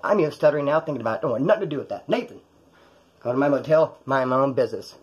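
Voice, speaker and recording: A man's voice: medium pitch, expressive, very fast, slightly rough, dull audio. A man telling a true story from his own life in a casual, rambling, profane way, acting out the voices of the people in it.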